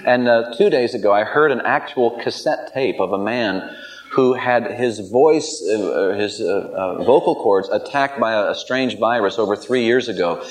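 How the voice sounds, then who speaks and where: A man in the middle of a sermon, speaking at a mid-range pitch. He tells stories in a loose, unscripted way and often trips over and repeats his words. When he turns to exhorting his listeners, he grows more emphatic. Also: normal speed, low-quality recording. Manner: storytelling with many restarts and repeated words. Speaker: pastor.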